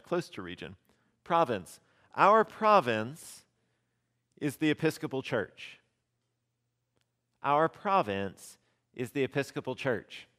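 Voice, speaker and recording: A man teaching a parish class, talking in a loose, conversational way. He keeps checking in with his listeners, repeats the terms he wants them to learn, and asks them questions as he goes. His pitch sits in a middle register. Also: fairly bright tone. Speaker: rector teaching a church class. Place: church classroom.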